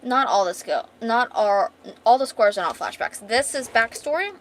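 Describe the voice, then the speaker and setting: A woman's voice: fairly high pitch, expressive, moderate pace, a little hiss or hum, rough recording. A woman casually reading her own comic aloud on a stream, chatty and rambling as she explains the panels. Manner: chatty, rambling, lots of likes and restarts.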